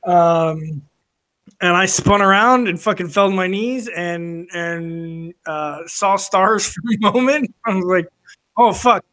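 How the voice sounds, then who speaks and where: A man's voice: high-pitched, slow pace, bright, forceful tone. A man co-hosting a casual podcast, rambling through a story with lots of fillers and restarts. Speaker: podcast co-host. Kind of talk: casual chat over drinks.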